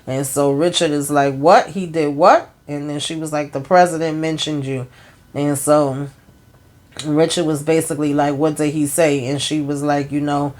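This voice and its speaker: A woman's voice: sits low, flat delivery, normal speed, darkish tone. Chatty woman recapping a TV episode. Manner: retells scenes with quoted dialogue, exclaims and laughs; colloquial, frequent fillers. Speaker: TV recap host.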